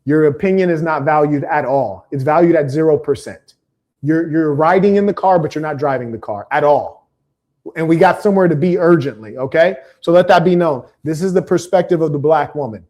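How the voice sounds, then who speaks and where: A man's voice: on the high side, fairly quick, a little mellow. A man hosting a livestream, delivering a preachy, combative monologue and reading out viewer comments, with emphatic repetition. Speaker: live stream host.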